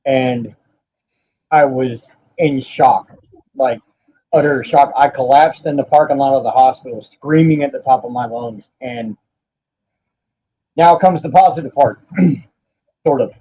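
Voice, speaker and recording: On a podcast, a male guest recounts a painful personal story haltingly and with profanity, pausing now and then to steady himself. His voice is medium-pitched and husky, and the audio is dull and lo-fi.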